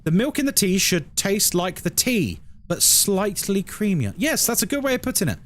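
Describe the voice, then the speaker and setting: A man's voice: high-pitched, very animated, normal speed, fairly bright tone, a little hiss or hum. A British man chatting casually on a live stream, wry and sarcastic as he answers his chat. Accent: British English. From Britain.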